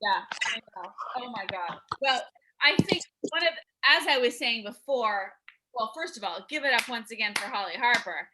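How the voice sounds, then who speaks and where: A woman's voice: on the high side, animated, moderate pace, heavy background noise. A woman hosting an online comedy show over a video call, chatty and laughing along after a set. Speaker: show host.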